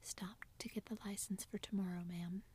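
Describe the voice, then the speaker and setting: A woman's voice: medium pitch, steady tone, normal speed, dark tone, slightly rough. A woman voicing a playful, teasing tall young man in a whispered role-play, with theatrical banter.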